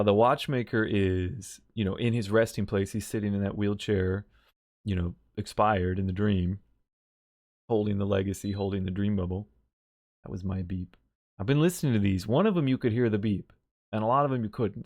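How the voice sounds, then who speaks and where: A man's voice: on the low side, no room sound, studio quality. A man casually recapping and commenting on a video game story, rambling and correcting himself as he goes, with frequent chuckles.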